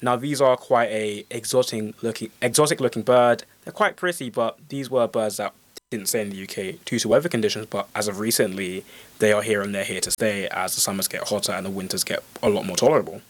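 A man with a fairly low voice co-hosting a radio conversation. He explains points in a steady, fluent way. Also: brisk. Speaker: radio co-host. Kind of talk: casual radio chat.

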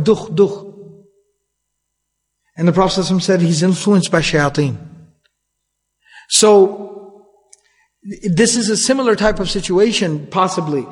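A man giving a conversational religious lecture in a casual, chatty way, breaking into quick Arabic recitation, recorded in a reverberant hall. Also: high-pitched. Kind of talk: conversational Islamic storytelling lecture.

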